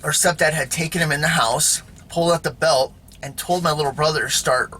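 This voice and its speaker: Man host, casual monologue; bright-toned, rambles, leans on filler words and "right?" checks with the viewer. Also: a little high, steady tone, moderate pace, hardly any pauses, a little hiss or hum. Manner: rambling, full of fillers and tag questions. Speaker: video host.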